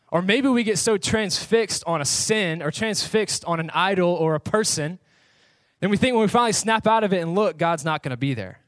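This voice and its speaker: A young man pastor with a slightly high voice delivers a relaxed sermon, joking and speaking directly to his listeners. The sound is dry and close, with almost no room around it. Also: no echo. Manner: casual, joking, talks to the audience. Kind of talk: sermon with personal stories.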